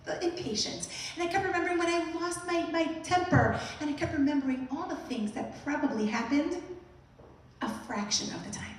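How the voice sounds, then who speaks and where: A woman giving an animated motivational talk to an audience, telling stories and asking the room questions. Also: high-pitched. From Brooklyn, US. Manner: animated storytelling, acting out her own reactions. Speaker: inspirational speaker. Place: large hall at a museum event. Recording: echoey hall, voice from far off.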